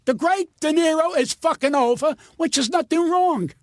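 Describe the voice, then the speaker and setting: A man's voice: extremely high pitch, normal speed, no echo, studio quality. An older man, a comedian guest, telling stories in an indignant, profane, stammering rant. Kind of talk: ranting storytelling.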